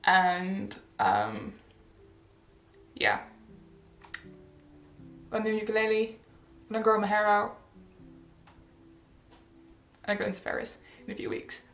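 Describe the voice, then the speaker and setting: Giggly teen girl rambling thru a chatty vlog, a bit of vocal fry, echoey room w faint music. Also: medium pitch, takes it slowly, long pauses, a bit bright. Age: teens. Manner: bubbly, rambling, giggly, self-correcting. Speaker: vlogger. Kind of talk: casual chatty update vlog.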